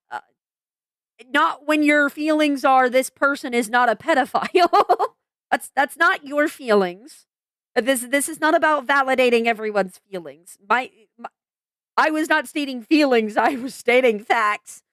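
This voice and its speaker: A woman's voice: on the high side, a bit bright, clear, resonant tone, dry recording. Woman, vlog vent, exasperated, swears, lots of ums, dry close mic. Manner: frank and exasperated, swears, many fillers and restarts. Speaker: vlogger. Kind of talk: venting commentary vlog.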